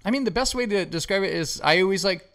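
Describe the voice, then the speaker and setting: A man hosting a podcast, telling stories in casual chat, swearing a lot and acting out quotes loudly. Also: sits high, fast talker. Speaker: podcast host.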